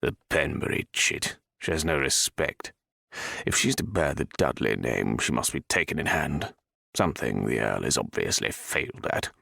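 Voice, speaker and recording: A huffing, contemptuous aristocrat of advancing years, voiced low and gravelly. His voice is husky and dry, with no room around it, as a man acts him out. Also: sing-song, normal speed, sharp tone, no room sound, full character voice. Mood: disdainful. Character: scheming aristocratic older viscount, cold and disdainful.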